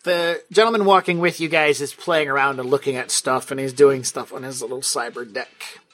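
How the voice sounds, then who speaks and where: Running the tabletop game, the man narrates at a moderate pace in a medium-pitched, fairly bright voice with fairly even intonation. His manner stays playful and wry, laughter breaking through, over faint background music.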